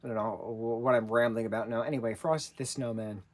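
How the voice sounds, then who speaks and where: A man's voice: mid-range voice, fairly even intonation, fast talker. A man in his thirties giving a casual, rambling spoken review, with frequent restarts and fillers. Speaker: vlogger reviewing a TV special.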